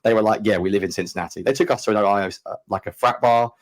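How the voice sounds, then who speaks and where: A man in his thirties with a London accent speaks quickly and low in his range. He tells stories in a rush, animated and chatty, as a podcast co-host. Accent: London English. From England. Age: 30s. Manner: fast, animated storyteller. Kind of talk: casual chat.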